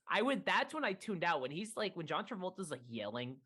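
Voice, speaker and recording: A young man with a bright, sharp-edged voice talks about movies in a loose podcast chat. He is animated and self-mocking, jumping up in pitch when excited. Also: normal speed, slightly rough. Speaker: podcast co-host. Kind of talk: casual film chat.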